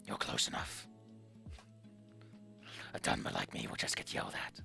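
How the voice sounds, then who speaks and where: A streamer voicing a gruff young female dark elf artist, speaking curtly in a gravelly whisper. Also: moderate pace, faint music behind, close to an everyday voice. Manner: curt, guarded.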